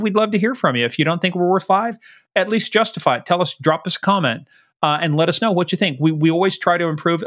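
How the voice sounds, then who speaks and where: A man co-hosting a podcast, chatting casually and running through promos in a jokey, quick patter. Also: high voice, fairly bright tone. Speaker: podcast co-host.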